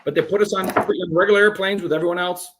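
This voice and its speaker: A man telling his own story as an interview guest, animated and profane, with many restarts. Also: high voice, rapid-fire, background noise.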